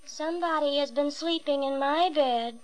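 A middle-sized mother bear speaks in a mild, even voice, just slightly higher than the narrator. A woman reading the storybook plays her with little fuss. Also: moderate pace, lightly acted, low-quality recording. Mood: puzzled. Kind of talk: storybook read-aloud.

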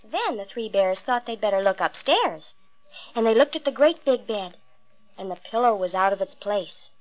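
A woman reading a fairy tale aloud with expressive, emphatic storytelling. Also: medium pitch, moderate pace, poor audio.

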